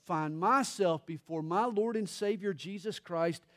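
A middle-aged man, a pastor, preaching a sermon with dramatic pauses and touches of humor. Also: sits high, a bit bright.

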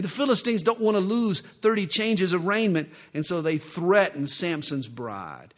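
A man's voice: sits high, animated, normal speed, few pauses. A male preacher teaching from scripture in a folksy, joking, conversational way. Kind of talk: expository sermon with humorous asides.

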